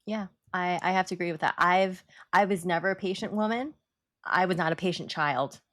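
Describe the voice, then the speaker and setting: A woman co-hosting a podcast about motherhood, speaking in a measured, reassuring way as she offers gentle reframes. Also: fairly low pitch, no room sound, clean studio sound. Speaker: podcast co-host. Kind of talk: casual chat.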